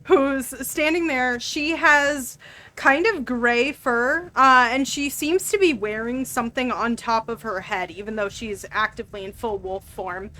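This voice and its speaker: Woman running a tabletop game, slow, lots of ums, bright voice. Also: a little high. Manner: hesitant, filler-heavy narration. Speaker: game master.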